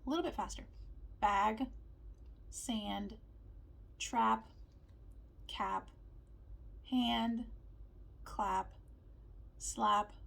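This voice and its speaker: Slow woman reading vowel word lists. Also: mid-range voice, vocal fry. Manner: calm, reading word lists aloud with pauses. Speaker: teacher.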